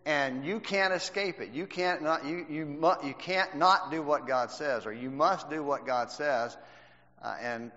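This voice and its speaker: A man's voice: on the high side, measured pace, bright, forceful tone. A man teaching a Bible class, quizzing his students and stressing each point. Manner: quizzes the class with questions, emphatic. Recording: dull lo-fi recording in a reverberant hall.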